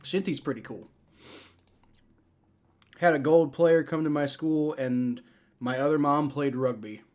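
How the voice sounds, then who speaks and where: A man's voice: on the high side, a little slow, darkish tone. A young man from the United States hosting a casual livestream, reacting to a game and chatting, rambling through lots of restarts and fillers. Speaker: livestream host. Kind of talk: casual live reaction and play-by-play.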